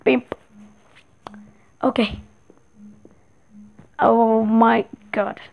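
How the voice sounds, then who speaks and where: A woman giving excitable commentary while playing a horror game, repeating words in rapid bursts. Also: a little high, vocal fry, lo-fi sound. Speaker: gameplay streamer.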